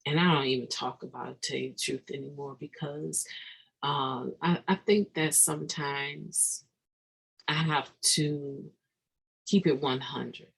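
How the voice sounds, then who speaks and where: A recovery speaker shares a daily meditation in a slow, gravelly, husky voice. The talk is earnest and halting, with frequent restarts and sudden emphatic pushes on key points. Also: mid-range voice, fairly bright tone, poor audio.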